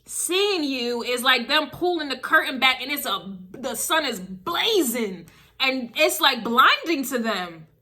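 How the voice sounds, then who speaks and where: A woman's voice: high voice, very animated, measured pace, pushed and bright. A woman doing a casual spiritual reading to camera, emphatic and driving her points with repeated phrases. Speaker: tarot reader.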